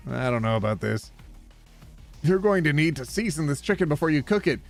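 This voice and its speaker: A man's voice: on the high side, sing-song, a little fast, gravelly, soft background music. A man from Canada playing a game on stream, reading its text aloud in a playful, joking way. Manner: playful, joking, laughs often. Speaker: gaming streamer.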